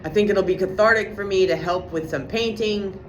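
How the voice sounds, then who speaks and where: A woman's voice: medium pitch, moderate pace, a little hiss or hum. A woman vlogger ranting in a casual monologue, profane and sarcastic as she vents about a friend.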